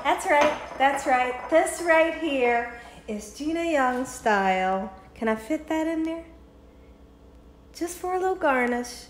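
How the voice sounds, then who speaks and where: This high-pitched, animated woman takes her time as she hosts a relaxed cooking demo from her home kitchen, where the room sounds echoey. She keeps chatting with viewers, tasting, pouring and laughing frequently.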